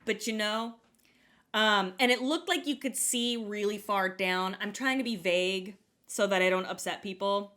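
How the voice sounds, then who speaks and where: A young woman telling a story in casual chat, animated and self-mocking, acting out what people said. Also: medium pitch, normal speed. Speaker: co-host.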